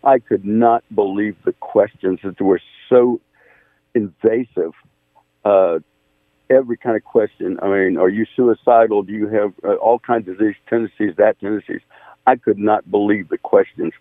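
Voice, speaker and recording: A man's voice: on the low side, fairly even intonation, moderate pace, no echo. Indignant older male caller on phone. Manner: indignant, stumbling, repetitive. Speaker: radio caller. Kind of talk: call-in on the phone. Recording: tinny phone line.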